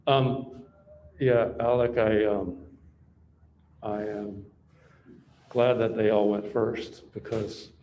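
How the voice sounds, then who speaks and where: A man giving an emotional tribute to a young man he mentored, halting as he holds back tears. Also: lowish voice, fairly even intonation, warm tone, slight background noise.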